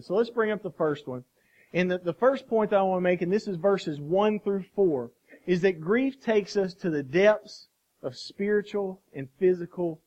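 A man preaching a sermon, swinging from hushed passages to loud outcries, asking the congregation questions and calling on people by name. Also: high-pitched. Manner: asks the congregation questions and calls on members by name. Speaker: pastor.

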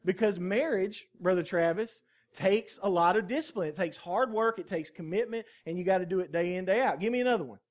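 Folksy preacher guy, kinda high voice, jokes around and quizzes the crowd. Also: a little fast, few pauses. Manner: folksy, jokey and conversational, asks the congregation questions. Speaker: pastor. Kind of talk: sermon.

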